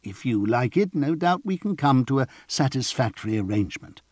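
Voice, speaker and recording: A man voicing a smooth, flattering male trader who coaxes and persuades, in a storybook reading. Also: medium pitch, brisk, no room sound, studio quality, voice pushed up, lightly acted. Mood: wheedling. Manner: wheedling, persuasive.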